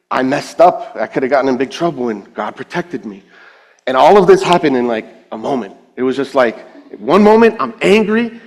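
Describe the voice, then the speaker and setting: A man's voice: mid-range voice, in a large hall. Man telling a heartfelt personal testimony. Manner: emotional storytelling, acts out quoted dialogue. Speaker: speaker at a finance event.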